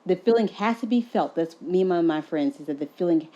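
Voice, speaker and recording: A woman's voice: lowish voice, expressive, fast, warm tone. A woman who is a mother, talking in a conversational podcast interview, earnest and often affirming the other speaker. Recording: dull lo-fi sound.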